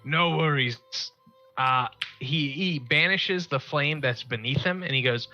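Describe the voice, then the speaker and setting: A man's voice: medium pitch, a little slow. Hesitant male tabletop player. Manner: hesitant, restarting questions. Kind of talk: tabletop game play. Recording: muffled stream audio with music.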